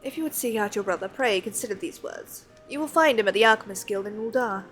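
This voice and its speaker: A woman voicing a calm older male guild master who tells a tale slowly and measuredly. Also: medium pitch, soft background music, lightly acted. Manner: slow, measured storytelling.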